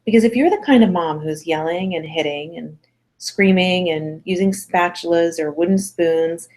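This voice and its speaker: A woman's voice: lowish voice, normal speed. A middle-aged woman parenting instructor talking casually to mothers, chatty and encouraging, acting out little quotes as she goes. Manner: chatty, encouraging, acts out quotes with lively voices. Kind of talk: casual webinar talk to mothers.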